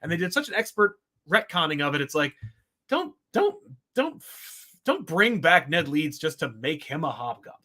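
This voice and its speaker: A man's voice: fairly high pitch, expressive, brisk, few pauses, bright, forceful tone. A man co-hosting a podcast, reviewing comics in a rambling, wry, exasperated way. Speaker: podcast co-host. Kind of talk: casual comic book review chat.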